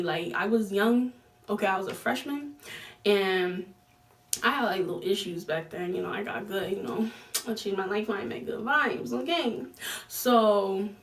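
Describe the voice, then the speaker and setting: A young woman vlogger telling a story in casual chat, slangy and animated, with lots of fillers. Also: medium pitch, far from the mic.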